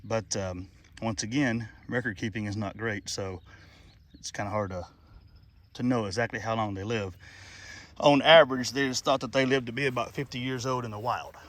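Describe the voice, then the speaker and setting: A middle-aged channel host talks in a folksy, chatty way by a pond while filming a casual outdoor nature vlog, rambling with plenty of fillers. His voice is fairly low, fairly bright in tone, and at a normal speed.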